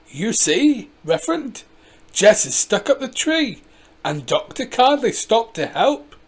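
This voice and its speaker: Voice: medium pitch, husky, heavily acted. A storybook reader voicing a friendly, chatty village wife who offers tea. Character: postman's wife, bright and hospitable.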